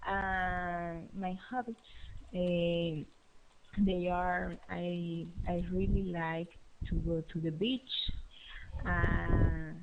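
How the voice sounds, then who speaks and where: Slow, hesitant woman on a tinny call. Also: fairly low pitch, little pitch movement. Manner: hesitant, with many fillers. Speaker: language student. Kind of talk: hesitant learner speech. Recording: tinny call audio with faint noise.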